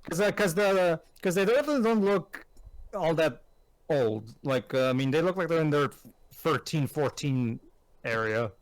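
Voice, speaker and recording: A man's voice: on the high side, animated, normal speed, dry recording, rough recording. A man co-hosting a casual movie commentary, hesitant and full of fillers and restarts.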